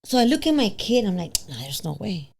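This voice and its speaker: A woman in her thirties, a podcast guest telling a personal story casually, acting out quoted voices with big pitch jumps and slipping into Spanish now and then. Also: big pitch swings, fairly quick, darkish tone. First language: bilingual, switches into Spanish. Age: 30s.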